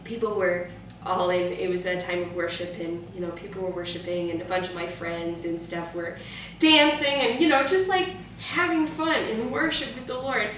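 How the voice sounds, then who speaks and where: A woman's voice: fairly low pitch, normal speed, a bit bright. A woman co-hosting a book club chat, telling a personal story animatedly with fillers and laughs. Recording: echoey room, far from mic, faint noise.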